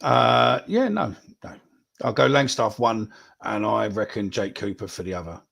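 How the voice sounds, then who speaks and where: A man's voice: on the low side, normal speed, gravelly, fairly bright tone, breathy edge. A man, hosting a casual live podcast chat, swearing freely as he reads out viewer predictions. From England. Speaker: podcast host.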